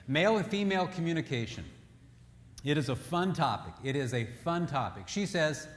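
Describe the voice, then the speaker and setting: Guy with a slightly high voice doing a funny marriage talk, acts out little scenes, big echoey hall. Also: animated, moderate pace. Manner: jokey storyteller who acts out quotes. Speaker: marriage seminar speaker. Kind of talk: humorous seminar talk with scripture.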